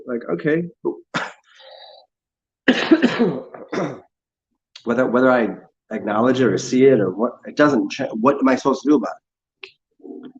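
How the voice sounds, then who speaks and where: Expressive and a little mellow, the man talks at a moderate pace with long pauses, captured in lo-fi sound. Hosting a casual livestream, he rambles sarcastically, swears, and ridicules others by putting on high voices.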